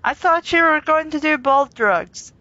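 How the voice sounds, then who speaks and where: A woman's voice: sits high, animated, measured pace, pushed and bright, dry recording, lo-fi sound. A woman reading a story aloud for laughs, giggling and poking fun at herself between lines. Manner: giggly, self-mocking. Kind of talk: comedic reading with banter.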